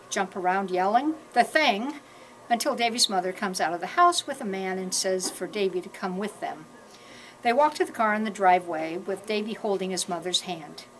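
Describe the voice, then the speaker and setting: A woman's voice: medium pitch, fairly bright tone, a little hiss or hum, low-quality recording. A woman reading her first-person novel aloud at a live shop event, lifting her voice for the quoted lines of dialogue. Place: shop during an evening party.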